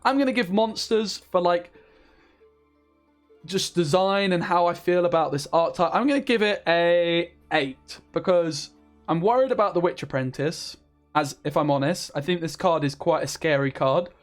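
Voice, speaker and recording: A man's voice: on the high side, normal speed, faint music behind. A man giving a chatty, enthusiastic card-game review as the channel's content creator, with frequent fillers. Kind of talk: casual card review commentary.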